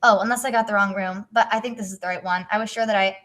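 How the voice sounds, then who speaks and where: A woman's voice: mid-range voice, steady tone, quick pace, a bit bright, lightly acted. Shy, eager teen girl, read plainly by a young woman. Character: teen girl heading to a mystic academy.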